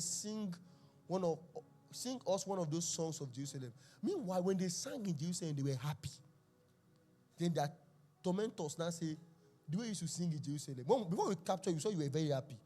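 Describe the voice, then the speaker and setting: A young man preaching a sermon at a church service, telling the story with laughs and exclamations. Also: sits high. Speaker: pastor.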